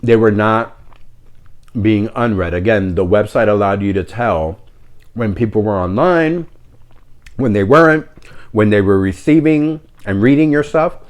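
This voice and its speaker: A middle-aged man from New tells a personal story in a relaxed monologue. His voice sits on the low side comes through as he rambles candidly with fillers. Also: a little slow. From New York City. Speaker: podcast host.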